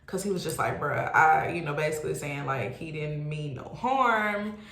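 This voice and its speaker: A young adult woman telling a casual storytime, animated and exclaiming, swearing freely. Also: sits low, moderate pace. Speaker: vlogger. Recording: roomy echo.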